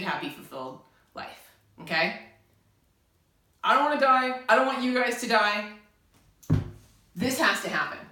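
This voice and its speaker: A young American woman speaks in a fairly high, sharp-toned voice, urgently addressing the camera. Calling herself a spiritual channel, she pleads and repeats herself for emphasis, and the room around her echoes heavily.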